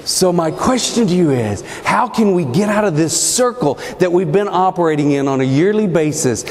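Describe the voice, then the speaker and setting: A man giving a humorous motivational speech as a keynote speaker, an animated storyteller with punchy comic timing, in a large event hall. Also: sits high, normal speed. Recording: echoey hall, faint room noise.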